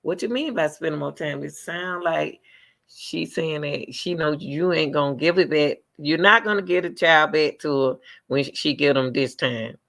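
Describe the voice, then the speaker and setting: A man doing live reaction commentary on a video, animated and talking straight to his chat. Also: on the high side, normal speed, vocal fry. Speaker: commentary streamer.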